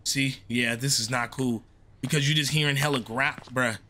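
A man's voice: medium pitch, fairly even intonation, normal speed, bright, forceful tone, a little hiss or hum. A young man doing casual let's-play commentary, jumpy and slangy, exclaiming often. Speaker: gaming streamer.

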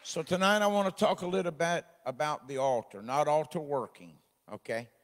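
A man preaching a midweek sermon, folksy and joking, swelling into loud exhortation. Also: fairly high pitch, normal speed, big-room sound, a faint crowd, a little hiss or hum. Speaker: pastor. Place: church sanctuary.

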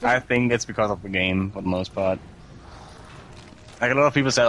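A man's voice: on the low side, brisk, a bit bright, slight background noise, poor audio. A man acting as guest commentator on a game stream, dry and sarcastic, reading out viewer comments. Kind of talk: casual gaming livestream chat.

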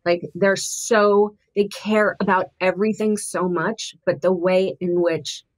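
Earnest woman, thoughtful and halting. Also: on the low side, steady tone. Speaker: guest. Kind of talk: candid podcast conversation.

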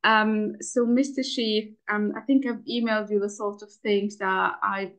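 A woman's voice: medium pitch, low-quality recording. A woman moderating a webinar, polite and hesitant with frequent fillers as she introduces speakers.

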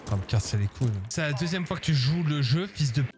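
A man's voice: a little high, lively intonation, very fast, slight background noise. A French man with a French accent, a game streamer in casual voice chat, teasing and swearing. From France. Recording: background music.

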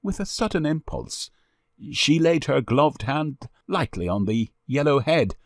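A man narrating an old storybook in an expressive, lively way. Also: a little high, a little slow, dry recording, clean studio sound. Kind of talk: storybook reading.

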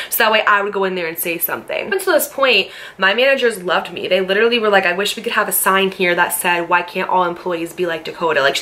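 A woman's voice: mid-range voice, bright, forceful tone. A young woman telling a story to camera, heated, blunt and swearing freely, firing off rhetorical questions. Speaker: storytime vlogger. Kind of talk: casual storytelling.

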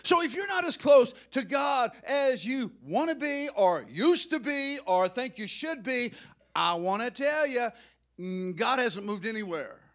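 A male pastor preaching a sermon in a church, emotional and excitable, rising to loud outbursts. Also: extremely high pitch, unhurried. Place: church sanctuary.

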